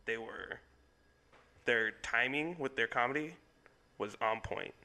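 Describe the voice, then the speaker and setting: A man's voice: medium pitch, sharp tone. A man co-hosting a casual comedy movie podcast, teasing and arguing with his co-host. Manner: teasing, argumentative, quick to laugh.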